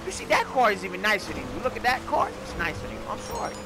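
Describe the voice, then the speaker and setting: A man doing comedic game commentary, loud and theatrical, swinging between mock grief and yelling. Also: high voice, huge pitch swings, racing. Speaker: gaming YouTuber. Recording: background noise under the voice.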